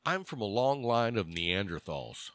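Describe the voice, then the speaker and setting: A man's voice: on the low side, big pitch swings, unhurried, fairly bright tone, a little hiss or hum. A middle-aged man co-hosting a podcast, chatting loosely and joking with lots of fillers after a bourbon. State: has had some bourbon. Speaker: podcast co-host. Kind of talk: casual chat.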